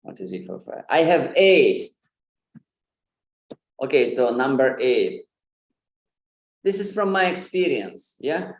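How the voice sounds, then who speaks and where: A man's voice: medium pitch, big pitch swings, slow pace, long pauses, roomy sound. A man giving an informal online lesson on pronunciation, with many fillers and light laughs. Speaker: Sanskrit pronunciation presenter.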